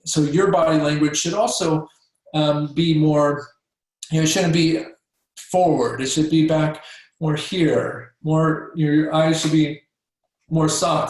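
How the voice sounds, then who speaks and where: Man teaching in an echoey room. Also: on the high side. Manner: acts out patient and doctor voices, many fillers and restarts. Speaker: trainer. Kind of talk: training workshop talk.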